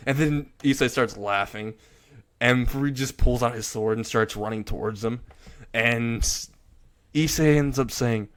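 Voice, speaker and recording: A man retells a fan story in a casual, rambling way, chuckling as he goes. His voice sits at an ordinary middle pitch. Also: measured pace.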